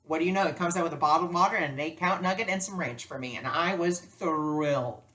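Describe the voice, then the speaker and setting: A woman teaching spiritual lessons through personal stories, animated and acting out dialogue. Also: lowish voice, fast. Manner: animated, acts out dialogue with lively voices. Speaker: spiritual teacher and life coach. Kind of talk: storytelling lesson.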